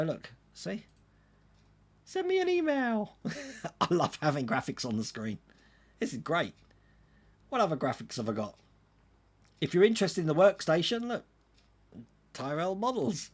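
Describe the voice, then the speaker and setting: A man's voice: a little high, big pitch swings, a little fast, pauses often, slightly rough. A man hosting a casual livestream, reading out viewer comments and answering them in a chatty way. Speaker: livestream host answering chat.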